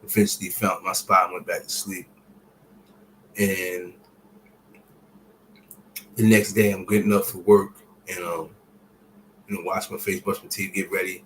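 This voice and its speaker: Low-voiced man telling a raw personal story. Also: level tone, a little slow, long pauses, a little hiss or hum, rough recording. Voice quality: casual, profane street-style speech. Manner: drops to near-whispers and rises to shouts while retelling. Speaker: vlogger sharing a personal story. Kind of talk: emotional personal storytelling to camera.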